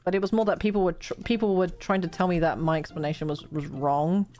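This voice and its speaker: A woman's voice: fairly low pitch, steady tone, quick pace, mellow. A woman co-hosting a casual gaming chat, rambling and restarting her phrases as she plays a game. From outside the United States. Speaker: co-host of a gaming chat show.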